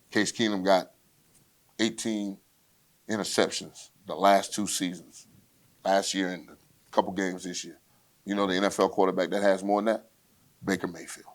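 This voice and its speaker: Guy doing a football rundown, lowish voice, loud swaggering trash talk. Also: steady tone, a little slow, pauses often. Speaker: podcast host. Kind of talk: solo sports rundown, casual and brash.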